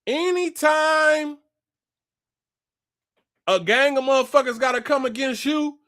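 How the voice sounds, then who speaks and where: A man retelling a scripture story in a casual, profane and animated way, acting out the people in it. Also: very high voice, slow pace, dry recording, studio quality. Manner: animated, profane, slangy, acts out quotes. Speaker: spiritual commentator.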